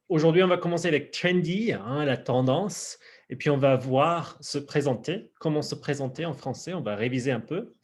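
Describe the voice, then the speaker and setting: A man teaching a casual online French class, chatty and upbeat, slowing down to model pronunciation. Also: on the high side. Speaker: high school French teacher.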